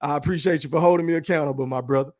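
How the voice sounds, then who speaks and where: A man with a fairly high voice rants bluntly on his own podcast. He swears freely and talks loosely, like a livestream chat. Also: steady tone, racing, darkish tone. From Texas. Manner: profane, blunt, ranting. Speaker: podcast host. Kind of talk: casual boxing rant and livestream chat.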